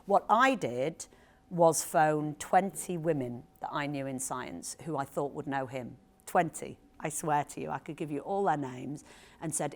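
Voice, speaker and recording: A woman author in conversation at a live event, telling an anecdote in a lively, animated way with quick asides. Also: low voice. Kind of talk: storytelling talk at a live event. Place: event hall with audience.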